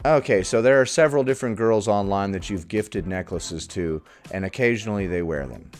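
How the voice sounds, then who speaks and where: A man's voice: fairly low pitch, brisk, darkish tone, soft background music. A man hosting a reaction video, giving casual, sarcastic, mocking commentary on a clip.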